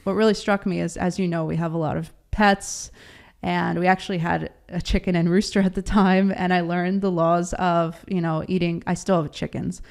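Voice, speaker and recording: Chatty woman with a low, gravelly voice. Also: little pitch movement, moderate pace, a little mellow. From Baltimore, USA. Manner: chatty, laughs often, acts out quotes. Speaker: interview guest, author. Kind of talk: casual storytelling.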